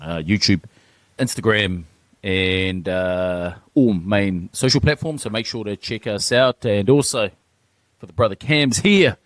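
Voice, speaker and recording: A man's voice: fairly low pitch, a little slow, a bit bright, dry recording. A man co-hosting a casual sports chat podcast, hyped and teasing, often saying "talk to me". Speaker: podcast co-host.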